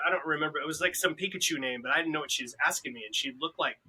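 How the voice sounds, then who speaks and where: A man in a casual podcast chat, an animated storyteller who acts out what others said. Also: fairly high pitch, rapid-fire, background noise. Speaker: podcast participant.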